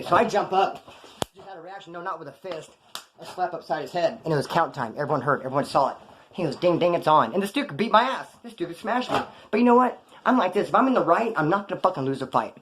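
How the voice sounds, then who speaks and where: A man casually telling prison stories in a blunt, profane, slang-heavy way, acting out the dialogue. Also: fairly high pitch. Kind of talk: casual storytelling.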